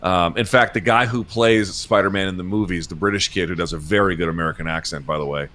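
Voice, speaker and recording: A man in his forties, an interview guest, talking casually on a video call in a rambling, halting way, swearing often. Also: low-pitched, bright, forceful tone. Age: 40s. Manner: rambling, halting, emotional and profane. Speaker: interview guest, MMA journalist.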